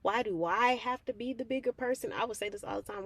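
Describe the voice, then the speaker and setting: A woman's voice: fairly high pitch, fast talker, few pauses, breathy edge, no echo. A woman host sharing a personal faith testimony in a conversational, heartfelt way, acting out the prayers she quotes. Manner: conversational and heartfelt, calls listeners "baby", acts out quoted prayers. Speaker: host of a faith reflection channel.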